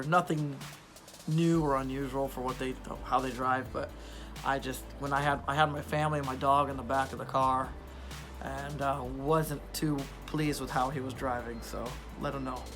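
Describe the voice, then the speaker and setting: A man vlogging into his phone, hoarse from losing his voice and laughing often as he rambles on, frustrated. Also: mid-range voice, a bit bright. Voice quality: weak voice. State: hoarse, lost voice. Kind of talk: casual vlog talk to phone camera. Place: outdoors in the rain, then indoors. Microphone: phone held at arm's length.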